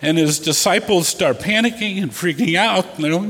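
Husky preaching man in an echoing hall. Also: sits high, moderate pace, hardly any pauses, a bit bright. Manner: preaching with rising emphatic bursts, acts out scenes. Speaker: pastor. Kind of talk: sermon. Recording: echoey hall with long reverb.

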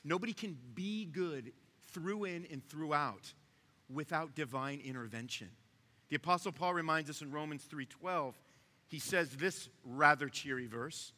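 A man's voice: fairly high pitch, a little slow, bright, forceful tone, in a large hall. A man preaching a sermon in a conversational way, talking straight to his listeners. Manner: conversational, asks the room to follow along. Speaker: pastor.

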